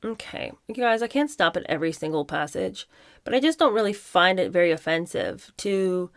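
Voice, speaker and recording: A woman's voice: lowish voice, lively intonation, moderate pace, dry recording. A woman hosting a podcast, reading passages from a book aloud and breaking off to give her own blunt opinions to her listeners. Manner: opinionated, talks straight to listeners. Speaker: podcast host.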